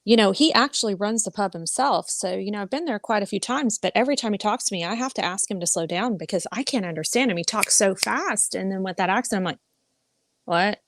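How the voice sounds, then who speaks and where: A woman from the United States joining a casual chat, relaxed and conversational, telling personal stories. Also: medium pitch, fast talker, hardly any pauses.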